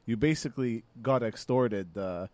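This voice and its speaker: A man hosting a podcast, asking a guest questions in a hesitant, halting way with fillers. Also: mid-range voice, a little mellow, dry recording. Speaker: podcast host. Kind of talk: casual interview questions.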